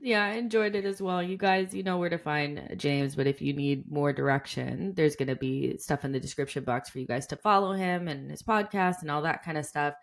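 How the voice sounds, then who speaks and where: A woman's voice: deep voice, brisk, gravelly, few pauses. A woman hosting a casual football podcast, chatty and laughing often. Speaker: podcast host.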